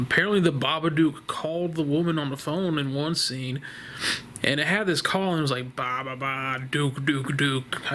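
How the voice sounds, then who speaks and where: A man with a fairly high, fairly bright voice gives a casual spoken review of a horror movie while sitting on his couch at home. He rambles, laughs, and swears bluntly, and the recording carries a slight hiss or hum.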